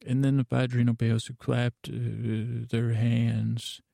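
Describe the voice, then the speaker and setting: A man hosting a sleep podcast, telling a meandering bedtime story slowly and dropping in Spanish words that he translates. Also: mid-range voice, level tone, creaky, mellow, no echo, clean studio sound.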